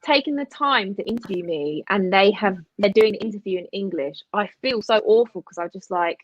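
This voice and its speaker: A woman's voice: mid-range voice, expressive, a little fast, dry recording, muffled recording. A woman band guest chatting casually, self-deprecating and rambling with many fillers. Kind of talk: casual interview chat.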